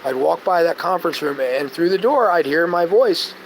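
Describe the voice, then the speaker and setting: A man with a slightly high voice talks through a loose, rambling live-stream chat. He drifts between stories, loses his thread, and sometimes drops into a soft, gentle tone. The hum of air conditioning and passing traffic is plainly heard behind him. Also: normal speed, few pauses. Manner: tangential, storytelling, loses his train of thought; gentle, soft-spoken when calming people. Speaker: vlogger.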